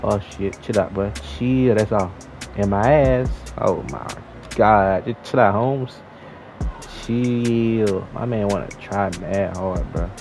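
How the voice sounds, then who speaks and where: A young man giving slangy, excitable trash-talk commentary over his own basketball video game play. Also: lowish voice, takes it slowly, music in the background, poor audio. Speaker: gaming YouTuber. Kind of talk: live gameplay commentary.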